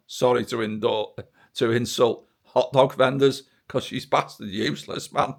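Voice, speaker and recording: A British vlogger films himself delivering a political monologue straight to camera, an angry, sarcastic, profane rant. His mid-range voice moves at normal speed and sounds a bit bright.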